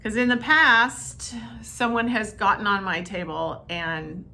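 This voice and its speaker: A woman massage therapist telling a story to camera in a chatty, animated way, talking straight to her viewers. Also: mid-range voice, slow pace. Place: her treatment room.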